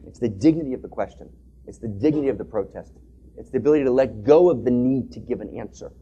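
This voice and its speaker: A man giving an impassioned talk with a story, animated, often asking "right?" and restarting phrases. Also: mid-range voice, fast, lo-fi sound, a little hiss or hum. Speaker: speaker in an interfaith dialogue.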